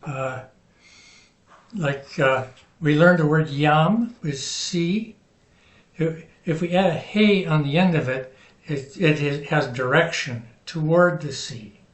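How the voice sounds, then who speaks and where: A man teaching a Hebrew vocabulary lesson, patiently giving each word, its meaning and where the stress falls. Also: fairly high pitch. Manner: slow, patient, spells out words and stresses. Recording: roomy sound from a distant mic.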